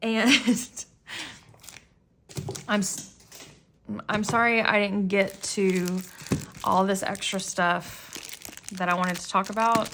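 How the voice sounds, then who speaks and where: A woman's voice: mid-range voice, steady tone, slow pace, pauses often, noisy background. A woman in her thirties chatting casually as she flips through her planner, rambling and self-deprecating, with frequent restarts and fillers. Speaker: planner vlogger.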